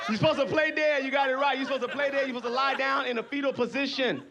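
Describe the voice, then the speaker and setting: A man performing loud, profane stand-up comedy on a club stage, often shouting. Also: very high voice, steady tone, very fast, dull audio.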